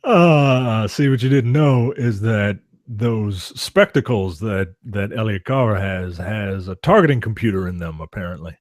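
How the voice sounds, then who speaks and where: A man's voice: fairly low pitch, unhurried, hardly any pauses, no echo. A man co-hosting a podcast, trading wry jokes in a casual film discussion. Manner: wry joking asides, dry delivery. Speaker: podcast co-host.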